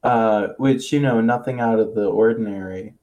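A man's voice: fairly low pitch, normal speed, dark tone. A man hosting a casual podcast chat, rambling and hesitant with lots of fillers. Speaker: podcast host.

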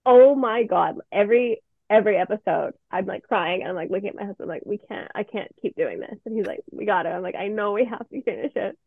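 A woman's voice: medium pitch, fairly quick, vocal fry, few pauses, no room sound. Candid woman on a tinny line. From Canada. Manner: candid, expressive, swears freely. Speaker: podcast guest, playwright and actor. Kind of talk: casual interview chat. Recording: tinny phone-like line, dry.

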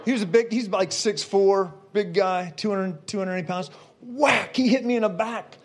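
Man, high voice, preacher, animated testimony, bursts into shouting. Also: moderate pace. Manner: animated storyteller, shouting at the climax.

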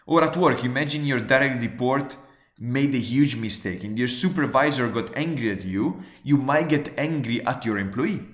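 A man speaking as a walks through advice tips in an earnest, emphatic way. He asks rhetorical questions and repeats his key points. His voice sits at a middle pitch and carries noticeable room echo. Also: moderate pace. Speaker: presenter giving workplace advice. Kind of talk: spoken advice talk, numbered tips.

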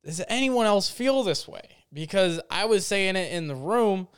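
Smooth, dry-voiced young man rambling. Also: sits high, animated, unhurried, no echo. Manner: rambling, filler-heavy, jokey. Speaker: vlogger. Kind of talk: casual storytelling rant.

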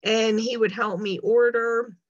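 A woman's voice: on the high side, fairly even intonation, unhurried, dry recording, lo-fi sound. A woman telling a long story in casual chat, acting out the lines of people she quotes. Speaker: guest.

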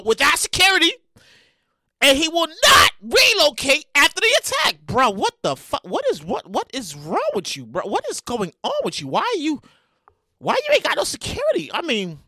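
A man hosting a solo podcast in casual, profane commentary, often restarting and repeating phrases and breaking into loud reenactments. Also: very high-pitched, no echo, studio quality. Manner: bursts into loud acted-out reenactments. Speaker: podcast host.

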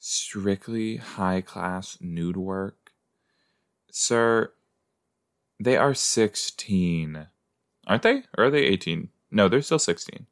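A man's voice: deep voice, takes it slowly. A man hosting a podcast, chatting casually as he reacts to an episode he is watching, with frequent exclamations and groans of disgust. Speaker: podcast host.

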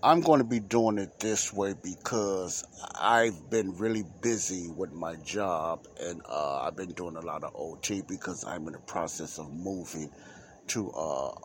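A man's voice: low-pitched, measured pace, slight background noise. A man hosting a Christian talk podcast, rambling and emphatic like a preacher. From United States. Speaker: podcast host.

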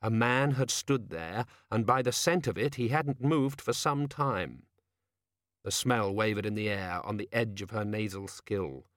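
Brief: calm man reading a novel aloud, even mid voice, dry booth sound. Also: medium pitch, no echo. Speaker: audiobook narrator. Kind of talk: scripted narration.

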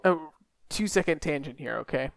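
A man's voice: fairly high pitch, expressive, normal speed, creaky, dry recording. A man co-hosting a casual movie podcast, telling anecdotes with frequent laughter and casual swearing. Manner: laughing storyteller, chatty, swears. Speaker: podcast co-host.

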